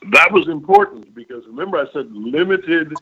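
An older man who works as a voice actor reminisces over the phone in an interview, his rambling, emphatic stories punctuated by check-ins with the listener. His voice is on the high side with wildly swooping pitch, a moderate pace, and vocal fry. The lo-fi phone line adds a little hiss or hum.

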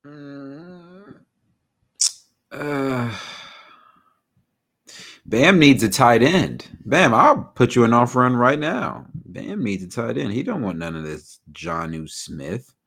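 A man co-hosting a casual sports podcast, drawing out his words at an unhurried pace. His pitch swings widely as he jokes and teases. He breaks into loud laughs while bantering. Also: sing-song. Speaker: podcast co-host.

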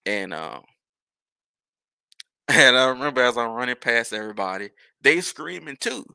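Gravelly, animated New man. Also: medium pitch, a little slow, no room sound, studio quality. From New Orleans. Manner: rambling, animated, profane storytelling. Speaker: podcast host. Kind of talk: casual storytelling.

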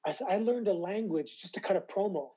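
A Canadian man in his forties, a retired wrestler, telling animated stories as an interview guest. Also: sits high, fast talker, husky, lo-fi sound. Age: 40s. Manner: animated storyteller, acts out quoted voices. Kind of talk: casual interview.

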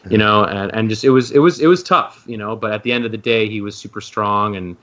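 A man with a fairly low voice chats as a podcast guest. He rambles, stacks fillers and restarts his sentences. The audio is dull and lo-fi. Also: fairly quick, a bit bright. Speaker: guest, docuseries co-creator. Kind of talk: casual podcast conversation.

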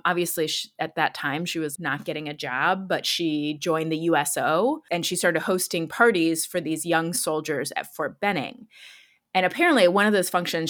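A woman in her thirties with a slightly bright, lowish voice tells a true-crime story as a podcast host. It's a casual chat, and she's chatty, fills her speech with "like," and laughs often.

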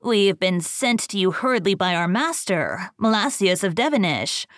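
A woman's voice: mid-range voice, big pitch swings, moderate pace, fairly bright tone, no room sound, studio quality. A woman voicing a grim, venomous monk who speaks with emphasis, in a storybook reading.

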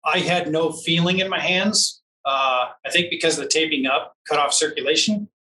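A man telling a long personal story in a casual interview, animated and laughing often. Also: fairly high pitch, moderate pace, echoey room, far from the mic, poor audio. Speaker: interview guest, off-road racer.

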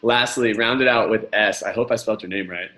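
A man's voice: on the low side, brisk, sharp tone. A man hosting a podcast, playful and upbeat, teasing his guest as he wraps up the show. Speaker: podcast host. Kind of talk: casual chat.

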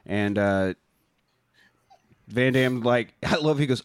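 A man's voice: medium pitch, slow, clear, resonant tone, no echo. Co-host, male, storytelling recap, dry close sound. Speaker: podcast co-host. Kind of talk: casual chat recapping a film.

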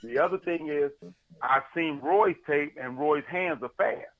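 A man's voice: fairly high pitch, measured pace, dull audio. A man co-hosting a podcast, telling a story in casual sports chat with lots of energy and paraphrase. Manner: animated storyteller, paraphrasing and laughing. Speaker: podcast co-host.

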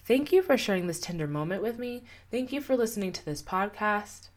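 A woman's voice: medium pitch, animated, a little fast. Earnest woman hosting a motivational podcast. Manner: earnest, encouraging, repeats questions to the listener. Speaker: podcast host and coach. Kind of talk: solo motivational podcast talk.

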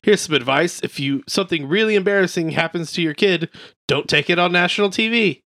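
A podcast co-host reading jokes deadpan, with a bright, forceful voice pitched a little high. He's close and dry on the mic, with no room sound around him. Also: brisk, no room sound. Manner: deadpan joke reading, crude banter. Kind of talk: casual podcast chat, reading comedians' jokes aloud.

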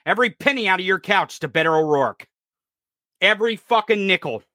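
A man in his thirties from rural America delivering a furious, profane political rant, often shouting. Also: high-pitched, expressive, brisk, dry recording, studio quality. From rural United States. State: enraged.

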